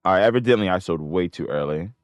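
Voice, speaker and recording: Excitable male trader, live self-commentary, smooth clear tone, dry room. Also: deep voice, quick pace, no echo. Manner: excitable, swearing, repeats himself in disbelief. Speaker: options trader. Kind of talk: live trading commentary to himself.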